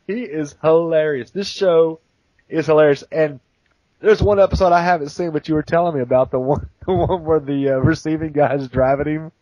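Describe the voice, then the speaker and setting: A man's voice: a little high, a little fast, darkish tone, no echo, muffled recording. A man co-hosting a podcast, chatting enthusiastically and laughing often as he talks. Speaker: podcast co-host. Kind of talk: casual podcast chat.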